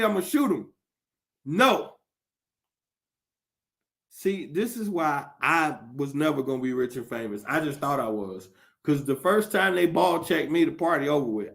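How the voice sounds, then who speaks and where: A man with a high, gravelly voice delivers a profane, animated comedic rant as a podcast host. His tone is bright and forceful, and laughter keeps breaking into his talk.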